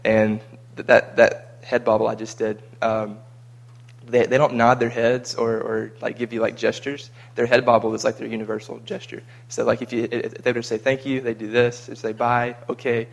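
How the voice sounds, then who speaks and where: This vlogger from the United States talks casually about his mission trip at a moderate pace, his medium-pitched, creaky voice completely flat. He rambles, repeating words along the way.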